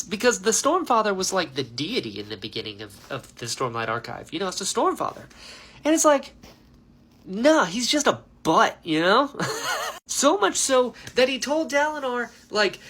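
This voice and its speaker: A lively man chatting casually through a book reaction, his pitch leaping up and down as he talks. His tone is bright and forward, and his speech is loose and filled with "like" and "dude". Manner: animated, chatty, heavy use of "like" and "dude".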